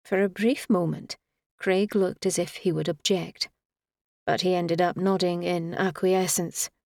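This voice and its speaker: A woman's voice: lowish voice, steady tone, measured pace, vocal fry, a little mellow, no room sound, studio quality. Woman narrating a romance audiobook.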